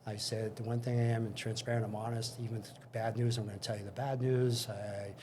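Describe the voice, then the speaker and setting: An older man, a guest in an interview, casually tells career stories, acting out the conversations and frequently restarting. His fairly low voice is flat and fast, with background noise behind it.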